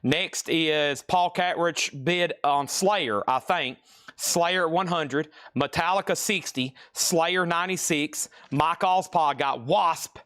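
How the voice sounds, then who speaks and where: A man's voice: on the high side, a bit bright. Upbeat man running a live auction. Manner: quick, playful sales patter, hums riffs and reads out bids. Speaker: auctioneer host of a live record sale. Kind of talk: live-stream auction patter.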